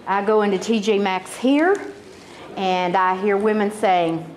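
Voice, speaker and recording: A woman's voice: mid-range voice, measured pace, slight background noise, poor audio. A woman performing stand-up comedy, telling stories and putting on exaggerated voices. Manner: animated, exaggerated voices for quotes.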